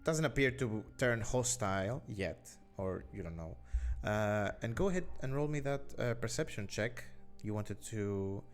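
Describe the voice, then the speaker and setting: A man running a tabletop game as game master, describing scenes in a slow, halting way full of filler sounds. His voice sits on the low side, with soft game music playing underneath. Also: lively intonation. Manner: unhurried, many filler "uh"s, hedging descriptions. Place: online voice call.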